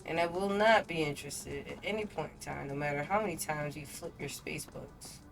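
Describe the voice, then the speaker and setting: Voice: mid-range voice, a little fast, gravelly, a bit bright, distant mic. Exasperated chatty game streamer. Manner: chatty, exasperated, reacts aloud to characters. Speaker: streamer playing a story game. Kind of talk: casual let's-play commentary.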